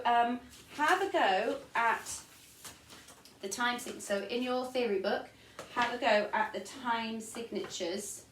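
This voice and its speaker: A woman's voice: mid-range voice, distant mic. A woman with an English accent teaching a recorded online music lesson, patiently explaining and counting beats aloud. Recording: echoey room, voice from off-mic.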